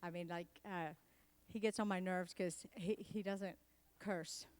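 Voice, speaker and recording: A middle-aged woman from Latin America giving a comedic keynote talk, telling animated stories and acting out the people she quotes. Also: lowish voice, measured pace. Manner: animated storytelling, acts out quotes. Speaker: keynote speaker.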